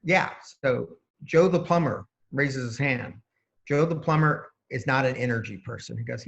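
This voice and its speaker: Gravelly man explaining his healing method. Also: medium pitch, moderate pace, fairly bright tone. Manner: walks through his method step by step, acting out client exchanges. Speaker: holistic energy practitioner, guest. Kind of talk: explanatory interview talk. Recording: dull lo-fi sound.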